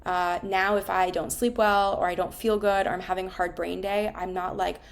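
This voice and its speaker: A woman's voice: medium pitch, steady tone, normal speed, few pauses. A woman in her thirties, a therapist, talking candidly and emotionally about her own life, swearing often. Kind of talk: reflective personal monologue.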